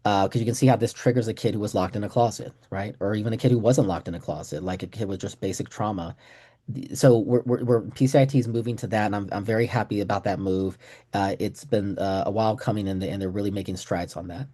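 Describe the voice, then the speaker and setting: He talks fast in a fairly low, warm voice with fairly even intonation, a middle-aged Texan giving clinicians a casual webinar training over video call. Self-deprecating jokes run throughout, and he acts out the voices of those he quotes.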